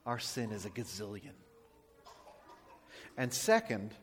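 A man preaching a sermon as a pastor, telling a story with lively emphasis and dropping to quiet, soft lines for his points. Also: mid-range voice, slow, long pauses. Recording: long hall reverb.

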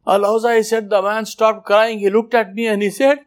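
Male preacher, high-pitched, emphatic storyteller, drops Arabic phrases into English. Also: little pitch movement, normal speed. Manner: emphatic, dramatic storyteller with wide swings in pitch and loudness. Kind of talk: sermon storytelling.

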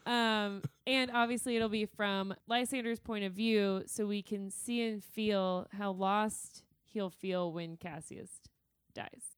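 A woman's voice: mid-range voice, steady tone, slow, clean tone, dry recording, clean studio sound. A woman co-hosting a podcast in casual chat, giggly and playful, joking often. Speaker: podcast co-host.

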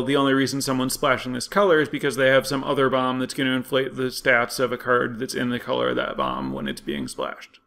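A man's voice: a little high, fairly bright tone. A man giving casual, analytical commentary on card game statistics, thinking aloud with frequent fillers and restarts.

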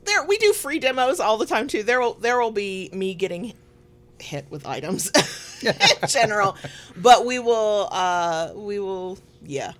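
A woman's voice: medium pitch, expressive, unhurried. A woman with a Southern American accent co-hosting a podcast in casual chat, rambling through asides and laughing often. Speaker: podcast co-host. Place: home recording room.

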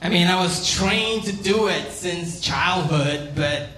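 Korean man with a Korean accent, stand-up comic, slow and bright-voiced, roomy club mic. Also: high voice. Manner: slow, deliberate delivery with deadpan punchlines. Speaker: stand-up comedian. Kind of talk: stand-up comedy set. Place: comedy club stage. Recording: roomy club sound with faint room noise.

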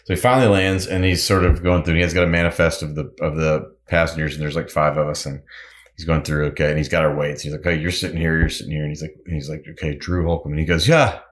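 A man with an extremely deep voice tells long, easygoing stories as a guest in an interview. He rambles a little, full of fillers and restarts. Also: little pitch movement, fast. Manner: rambling, filler-heavy anecdotes. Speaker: guest, musician and pilot. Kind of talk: casual interview storytelling.

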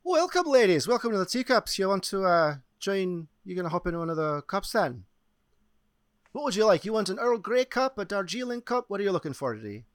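A game master voicing a tall, cheerful woman who works as a theme park ride attendant and greets riders warmly. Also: mid-range voice, very animated, brisk, no echo, clean studio sound, voice pushed up, natural voice. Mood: welcoming. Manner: bright, welcoming, pushy.

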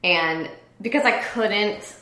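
Speaking slowly in a mid-range voice, this former teacher turned business owner relates a personal anecdote during a casual interview. She animatedly acts out the dialogue of others, and the recording has an echoey room sound.

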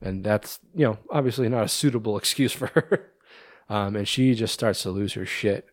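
Male podcast co-host, low-pitched, relaxed plot recap full of fillers, dry recording. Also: normal speed, dry recording. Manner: retells scenes with many ums and restarts. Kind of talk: casual movie discussion.

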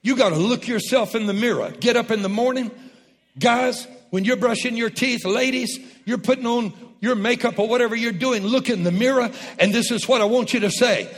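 A man preaching a sermon, calling on the congregation to repeat after him and rising to shouts. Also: extremely high pitch, brisk, big-room sound. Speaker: pastor.

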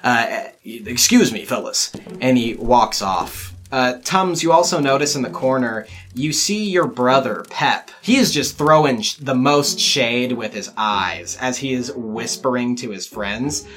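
Laid-back male game master. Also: medium pitch. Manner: relaxed, unhurried narration with fillers. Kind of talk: narrating a tabletop game.

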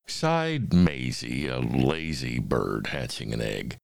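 A man hosting a talk who reads a children's book aloud in a measured, expressive way. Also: a bass voice, creaky, no room sound. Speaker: host and reader. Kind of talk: reading a picture book aloud.

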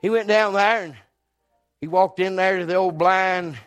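A male preacher, telling a folksy sermon story that jumps from quiet to loud. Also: sits high, fairly even intonation, normal speed, clear, resonant tone, soft background music.

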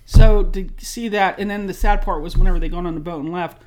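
A quick-talking woman with a fairly low voice co-hosts a podcast and chats casually. She tells a story in an animated way, performing her reactions as she goes.

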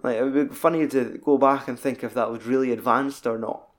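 Man, podcast co-host, casual sweary film chatter, ordinary middle pitch. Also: fairly even intonation, brisk. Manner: loose, sweary, lots of "like".

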